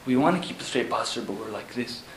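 A man, a Zen monk, talking casually about monastery life, halting with fillers and laughing as he tells stories. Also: medium pitch, expressive. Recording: echoey room with background noise.

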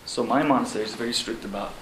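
A man, a Zen monk, talking casually about monastery life, halting with fillers and laughing as he tells stories. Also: medium pitch. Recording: echoey room with background noise.

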